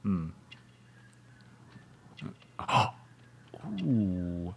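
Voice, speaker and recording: A man's voice: low voice, takes it slowly, fairly bright tone, soft background music. A man commentating a video game playthrough, making mocking jokes in a theatrical way. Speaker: gaming channel host. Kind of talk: let's play commentary.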